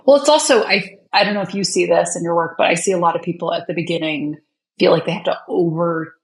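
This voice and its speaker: A woman's voice: on the low side, fast, poor audio. A woman guest on a podcast interview, talking thoughtfully about boundaries with a coach's choice of words. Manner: thoughtful, coaching-style phrasing. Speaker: author and guest. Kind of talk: reflective conversational interview.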